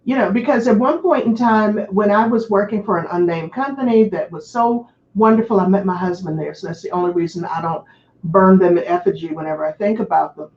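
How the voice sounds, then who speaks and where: A woman hosting an interview who talks fast with high energy in a casual, upbeat manner. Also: darkish tone, slight background noise. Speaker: host. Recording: echoey, dull lo-fi sound.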